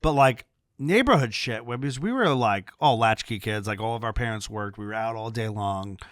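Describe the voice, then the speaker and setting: A man's voice: on the low side, expressive, normal speed, a bit bright, no echo. Man telling stories, dry sound. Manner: rambling storytelling with many "like" fillers. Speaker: podcast host. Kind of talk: casual chat.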